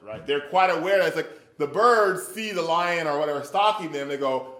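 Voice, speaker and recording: A man's voice: a little high, fairly quick, few pauses. A man leading an interactive bible study, telling stories and acting out little voices and sounds as he asks the group questions. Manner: animated storyteller who acts out little voices and sounds. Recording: echoey room.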